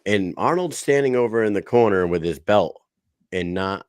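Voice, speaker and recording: A man co-hosts a casual sports podcast in a lowish, animated voice at a moderate pace. He tells rambling, profane stories, correcting himself along the way. The recording is dry, with a clean tone and clean studio sound.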